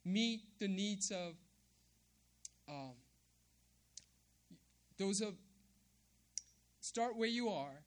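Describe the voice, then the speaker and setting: A man's voice: high voice, expressive, very slow, pauses often. A man preaching a sermon, emphatic, repeating key phrases and checking in with "right?". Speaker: pastor.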